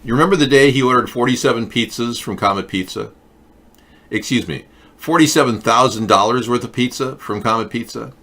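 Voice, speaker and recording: A man's voice: mid-range voice, a little fast, sharp tone. A man hosting a live political chat show, talking in a sarcastic, mocking way. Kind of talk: casual satirical chat with live chat.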